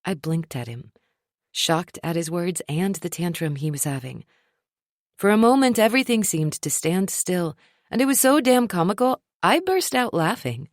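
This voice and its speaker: A woman narrating a first-person romance audiobook in an expressive, wry storytelling manner. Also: lowish voice, moderate pace, dry recording, clean studio sound.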